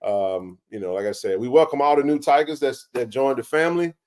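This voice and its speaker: A man's voice: mid-range voice, brisk, darkish tone. A man hosting a casual live sports chat, laid-back and slangy, tossing in "man" and "bro" all the time. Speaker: livestream sports show host.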